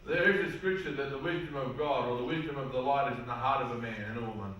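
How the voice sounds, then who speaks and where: An Australian man gives a seminar talk in a large hall, recorded from a distance so his voice carries a heavy echo. His tone is bright and forceful, and he tells personal stories in an earnest, plain-spoken way. A faint hum of room noise sits behind him. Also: medium pitch, fast. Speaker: seminar speaker. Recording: echoey hall, mic far off.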